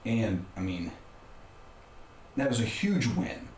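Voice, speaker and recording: A man's voice: on the low side, lively intonation, slow, darkish tone. A middle-aged man, a podcast guest, telling a personal story in a candid, conversational way with frequent restarts. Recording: roomy room with faint background noise.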